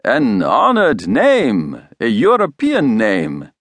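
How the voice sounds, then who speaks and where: Storybook villain: a velvety, fawning foreign schemer, read by a man, slow and sly. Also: medium pitch, huge pitch swings, a bit bright, dry recording, heavily acted. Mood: smug, oily. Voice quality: velvety, faint foreign accent. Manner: obsequious, smug. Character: oily scheming foreign male inventor.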